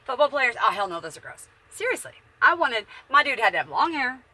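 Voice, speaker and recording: Animated, bright-voiced woman in her forties. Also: a little high, a little fast. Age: 40s. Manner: blunt, profane, chatty. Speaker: vlogger. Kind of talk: casual rambling monologue. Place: bedroom.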